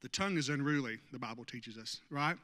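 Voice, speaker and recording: A man's voice: mid-range voice, a little fast, pushed and bright. A man preaching a sermon as pastor, conversational and joking with the congregation. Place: church sanctuary. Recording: long church hall reverb.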